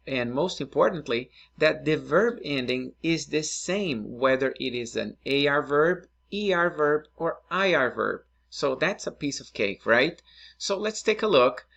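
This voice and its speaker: A man with a gravelly, mid-range voice and fairly bright tone teaches a recorded Spanish lesson. He is patient, explaining step by step and checking in with his students by asking "right?" and "okay?".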